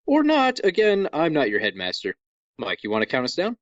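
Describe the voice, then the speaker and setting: A man hosting a podcast in a casual, jokey way, walking listeners through things with lively asides. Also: medium pitch, a little fast, lo-fi sound, slight background noise. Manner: jokey, animated, over-explaining. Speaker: podcast host.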